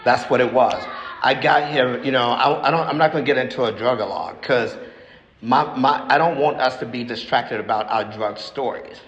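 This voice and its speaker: A man in his sixties giving a recovery testimony at a meeting, talking frankly and haltingly, repeating himself as he tells his story. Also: mid-range voice, fairly bright tone, muffled recording. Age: 60s. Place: meeting hall. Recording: echoey hall with faint noise.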